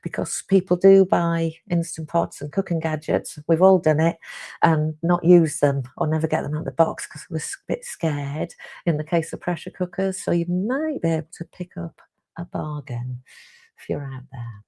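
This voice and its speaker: British woman, low voice, casual live-stream host, chatty, lots of ums. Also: moderate pace, gravelly, mellow. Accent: British English. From United Kingdom. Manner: chatty and rambling, with frequent ums and restarts. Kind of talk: casual live-stream chat, reading viewer comments.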